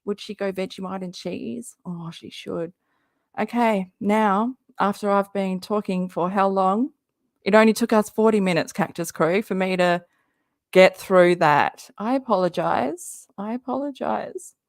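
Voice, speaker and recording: A woman's voice: mid-range voice, steady tone, a little slow, no echo, clean studio sound. A woman hosting a casual reaction livestream, chatty and sarcastic, rambling and laughing often. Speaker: livestream host.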